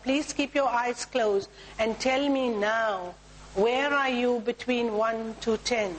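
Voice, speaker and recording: A woman's voice: fairly high pitch, takes it slowly, a little hiss or hum, low-quality recording. Indian woman leading a tapping exercise. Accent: Indian English. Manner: instructive, repetitive chanting of cue words. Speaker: workshop leader. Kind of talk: guiding a group through a tapping exercise. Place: talk room with a group.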